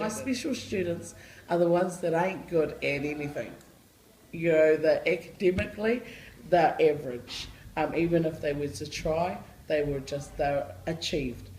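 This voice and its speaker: Low-voiced and darkish in tone, this school staff member answers an interviewer's questions in a blunt, slangy way and laughs a lot. The sound is roomy and the audio quality poor.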